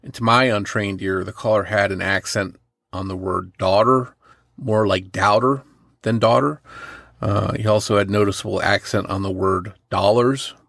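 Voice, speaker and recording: A man's voice: on the low side, fairly even intonation, moderate pace, gravelly, a bit bright, no echo, clean studio sound. A man from New Jersey co-hosting a true crime podcast, talking in a casual, conversational way with hedging asides. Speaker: podcast co-host.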